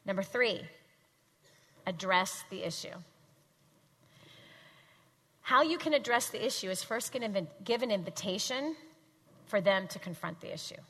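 A woman teaching a live audience in a faith-based talk, emphatic and animated, often having the crowd repeat lines after her. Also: medium pitch, normal speed, pauses often. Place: large hall with audience. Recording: long hall reverb.

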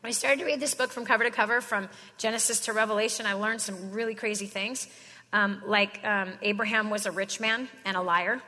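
A woman's voice: medium pitch, fairly even intonation, brisk, sharp tone, in a large hall. A woman giving a casual, slangy sermon, telling stories in a chatty way. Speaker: Christian speaker.

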